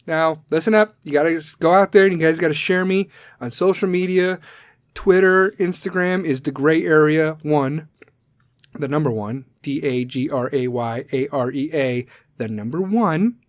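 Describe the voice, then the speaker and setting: Male host, brash profane rant, slightly high voice, dry close mic. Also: moderate pace, dry recording. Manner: blunt, aggressive, swears constantly, swings loud and soft. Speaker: podcast segment host.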